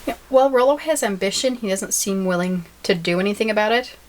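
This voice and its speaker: An American woman co-hosting a relaxed podcast. Her delivery is dry and teasing, with a plain mid-range voice. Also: medium pitch, fairly quick, slight background noise. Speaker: podcast co-host. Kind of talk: casual chat.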